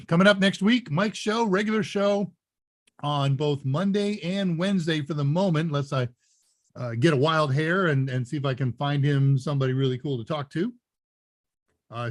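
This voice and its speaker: A middle-aged man hosting a live Q&A stream, chatting casually, rambling and correcting himself, laughing now and then. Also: on the high side. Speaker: live Q&A show host.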